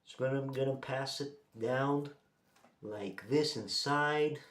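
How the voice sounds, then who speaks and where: Slow, halting man in an echoey room. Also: medium pitch, a bit bright. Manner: halting, repeats himself while showing steps. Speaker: tutorial host. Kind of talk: casual how-to demonstration.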